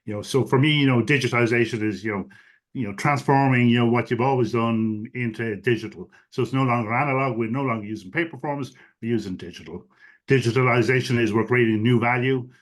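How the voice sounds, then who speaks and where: A guest expert on digital strategy answers interview questions on a webinar, recorded over a video call. His medium-pitched voice moves fairly quickly as he explains his views fluently, with lots of "you know" fillers.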